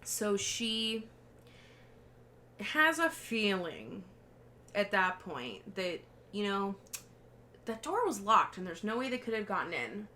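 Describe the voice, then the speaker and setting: A woman co-hosts a casual podcast and excitedly retells a film's plot. Her voice sits in an ordinary middle register, and she talks in a loose, profane way. A faint hiss of noise sits under her voice. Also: mid-range voice, slow, long pauses. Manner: animated, profane retelling with laughter. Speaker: podcast co-host. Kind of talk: casual film discussion.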